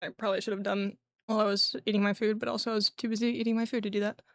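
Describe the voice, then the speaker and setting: A young adult woman chats casually on a live stream, her medium-pitched voice a bit throaty from eating. She talks rapid-fire in a level tone and clears her throat often.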